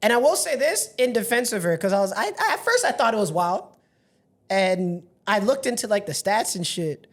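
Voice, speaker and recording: A man co-hosting a podcast in casual group chat, a loud excitable joker who laughs often. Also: sits high, moderate pace. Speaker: podcast co-host.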